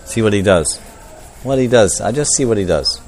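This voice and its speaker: A man's voice: fairly low pitch, animated, moderate pace, slight background noise, close to an everyday voice. A man doing proud, scheming Brahma. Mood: musing. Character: proud male creator god, puzzled and scheming.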